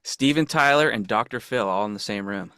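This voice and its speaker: A man's voice: fairly low pitch, fairly quick, bright, forceful tone, smooth, no room sound, studio quality. A man hosting a podcast, asking eager, fan-like questions in a casual interview. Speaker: podcast host.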